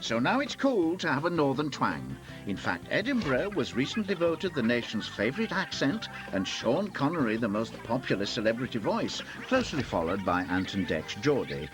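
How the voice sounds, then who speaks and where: A man's voice: mid-range voice, big pitch swings, normal speed, few pauses. A man narrating a documentary in a wry, dryly humorous way. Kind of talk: scripted narration. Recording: music bed under narration.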